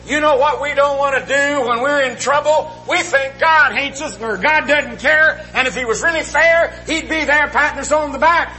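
A man's voice: very high-pitched, normal speed, hardly any pauses, sharp tone, a little hiss or hum, poor audio. A middle-aged man preaching a sermon, earnest and folksy, often asking the congregation questions.

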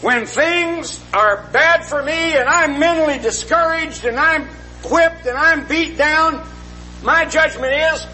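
Male preacher, middle-aged, very high voice, folksy, earnest, faint hum behind. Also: takes it slowly, bright, forceful tone, rough recording. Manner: earnest, folksy, asks the congregation questions. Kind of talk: sermon.

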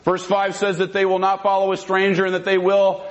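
A man's voice: high voice, monotone, brisk, muffled recording. A man giving a formal debate presentation, emphatic and repeating his key points.

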